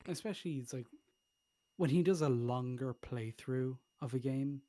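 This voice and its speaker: An Irish man co-hosting a casual podcast, talking bluntly and swearing as he argues his points. His voice is mellow and relaxed. The sound is dry and close. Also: mid-range voice, normal speed, no room sound. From Ireland. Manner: blunt, swears freely, argumentative. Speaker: podcast co-host. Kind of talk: casual chat.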